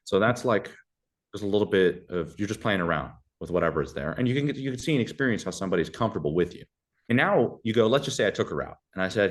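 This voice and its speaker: A young adult man giving casual conversational advice as a podcast guest, animated and acting out little dialogues in shifting voices. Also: on the low side, fast.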